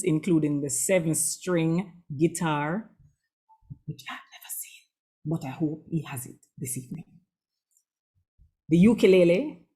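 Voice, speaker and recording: A woman's voice: sits low, a little mellow. A woman hosting an online school concert. She is effusive and chatty, gushes openly about the performances, and reads guest introductions. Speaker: concert emcee.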